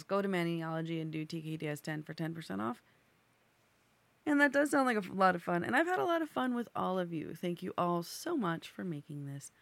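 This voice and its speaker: A woman's voice: fairly low pitch, vocal fry, no room sound. A woman hosting a casual podcast, wrapping up the show, rambling and laughing as she stumbles over guests' names. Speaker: podcast host. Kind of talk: casual chat, show sign-off.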